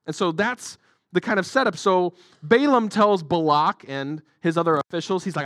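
High-voiced, jokey pastor. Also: male voice, moderate pace, fairly bright tone, no room sound, studio quality. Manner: conversational, jokey, many fillers. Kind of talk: sermon.

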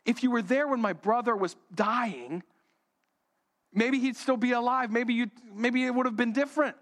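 A man's voice: extremely high pitch, normal speed, fairly bright tone. A young man giving a sermon as a rambling personal story, talking casually with lots of fillers. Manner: rambling, conversational, many fillers. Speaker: pastor.

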